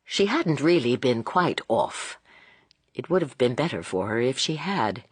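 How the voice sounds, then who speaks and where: Woman audiobook narrator, deep-ish husky voice, very dry sound. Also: sing-song, a little slow, no room sound. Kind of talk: scripted narration.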